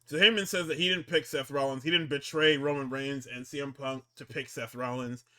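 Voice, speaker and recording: A man's voice: mid-range voice, fairly even intonation, a little fast, bright, forceful tone. A man co-hosting a podcast, chatting casually as he recaps shows, rambling, cursing constantly and tripping over his words. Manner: rambling, swears constantly, stumbles and restarts. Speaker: podcast co-host recapping wrestling. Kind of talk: casual profane recap chat.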